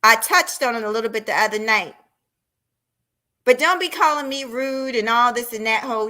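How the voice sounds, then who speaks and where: A woman in unloads a heated rant on her live stream. Her voice is bright and a touch high, and she is blunt and profane. She is confrontational, talking straight at her audience. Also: normal speed.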